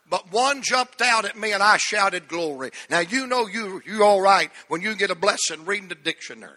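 A man's voice: sits high, sharp tone, long reverb tail. A man in his sixties preaching a sermon as pastor in a church, emphatic and repeating key words for stress. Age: 60s.

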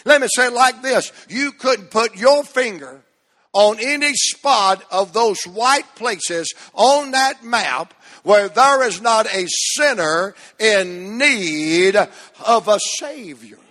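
A preacher, a man with a high and bright voice, delivers a fervent sermon that moves from shouts to near whispers and unhurried, drawn-out phrases. He calls his congregation to read along aloud, and his voice rings out with a long reverb off a large church hall. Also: expressive. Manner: fervent preaching, swinging from shouts to hushed drops; leads the congregation in reading aloud. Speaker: pastor.

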